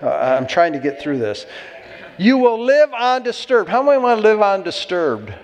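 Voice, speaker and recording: A man's voice: high voice, sing-song, moderate pace, in a large hall. A man preaching a sermon as pastor, exhorting and calling for amens from the congregation.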